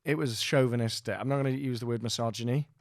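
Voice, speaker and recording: A man's voice: mid-range voice, steady tone, fast talker, no room sound, clean studio sound. A Welsh man hosting a podcast, telling a rambling, sweary, self-mocking story in casual chat. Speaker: podcast host.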